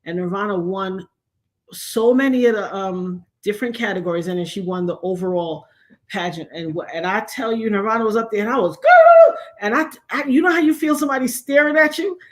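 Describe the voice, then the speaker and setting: A middle-aged woman hosting a livestream, chatting casually and telling animated stories while acting out the voices she quotes. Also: mid-range voice, fairly quick. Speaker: livestream host. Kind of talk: casual storytelling chat.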